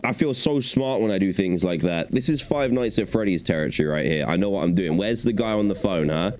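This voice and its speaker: A man's voice: fairly low pitch, fairly quick, few pauses, darkish tone. A young man giving chatty, playful commentary while playing a video game. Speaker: gaming YouTuber. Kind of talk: gaming commentary.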